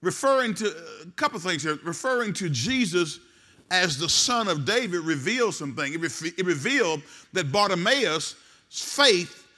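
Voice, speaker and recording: Male pastor, high bright voice, call-and-response sermon delivery. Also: animated, normal speed. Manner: call-and-response preaching, rising to shouts.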